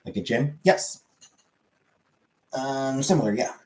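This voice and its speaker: A man's voice: mid-range voice, slow, a little mellow. Man, streamer, casual chat, rambling, many fillers, echoey room. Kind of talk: casual chat reading viewer comments.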